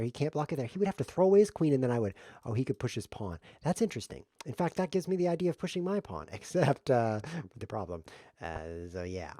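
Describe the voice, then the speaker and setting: A man talks through his own chess moves on a live stream, cracking jokes at his own expense and laughing along the way. His pitch jumps around animatedly. The sound is dry and close, with no room in it. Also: a little mellow, dry recording. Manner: jokey self-mocking play-by-play, laughs often. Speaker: streamer playing chess variants. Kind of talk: casual live game commentary.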